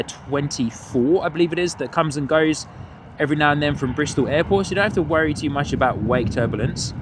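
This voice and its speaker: A man hosting a live plane-spotting stream outdoors at an airport, chatting with viewers in a rambling way, with many fillers and restarts, and excited by good landings. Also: mid-range voice. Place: outdoors at an airport viewing spot. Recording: outdoor traffic noise. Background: outdoor traffic and ambience.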